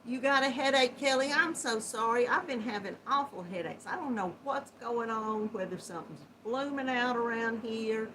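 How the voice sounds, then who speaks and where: A yarn chat livestream host with a Southern Georgia accent talks in a voice on the high side, seated at her home computer and recorded on its built-in laptop microphone. She chats slowly, laughs often, and greets viewers warmly as hon and sweetheart. A little hiss or hum runs through the rough recording.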